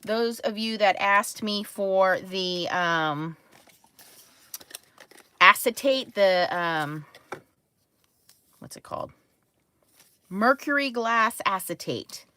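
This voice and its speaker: A woman's voice: mid-range voice, animated, slow pace, pauses often, bright, forceful tone, clean tone. A woman hosting a card-making livestream, chatting casually, greeting viewers by name and laughing often. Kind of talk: casual crafting livestream chat.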